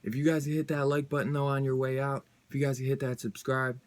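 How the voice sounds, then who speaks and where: A man chatting casually about a comic book, excited and rambling in a loose, slangy way. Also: mid-range voice, fast. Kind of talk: casual review chat.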